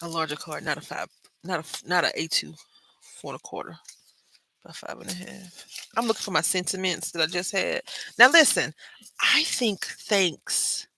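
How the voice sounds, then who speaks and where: A woman hosting a craft channel, chatting with viewers while she makes a card, calling them "y'all" and jumping between loud remarks and hushed asides. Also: fairly low pitch, brisk, vocal fry. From Brazil. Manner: chatty, talks straight to viewers, lots of "y'all". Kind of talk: casual chat while crafting live.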